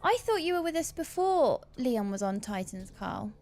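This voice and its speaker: A chatty woman with a fairly high voice co-hosts a livestream. She reads viewer questions aloud and banters easily. Faint music runs in the background. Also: sing-song, darkish tone. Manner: chatty, reads out chat messages, quick to laugh. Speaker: livestream co-host. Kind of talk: casual livestream chat.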